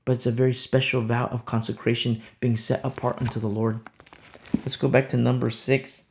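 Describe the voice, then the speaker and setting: A man's voice: medium pitch, flat delivery, normal speed, a little mellow. A man pastor giving a conversational sermon, stressing points through repetition.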